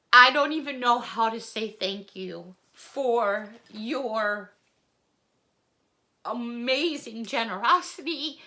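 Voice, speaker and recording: A woman talks to her camera in an easy, slow, unhurried way, thanking viewers for packages. Her voice sits high and bright, and she gushes and apologizes, sounding moved almost to tears. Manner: emotional, gushing, apologetic, chatty with little laughs. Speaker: vlogger opening fan mail. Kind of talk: casual chat to camera.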